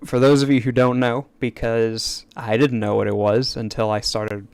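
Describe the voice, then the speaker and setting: A man's voice: mid-range voice, flat delivery, moderate pace, gravelly, darkish tone, clear, resonant tone, no room sound. A man chatting on a casual live stream at his desk mic, rambling and eager, with stammered restarts and asides. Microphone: desk microphone.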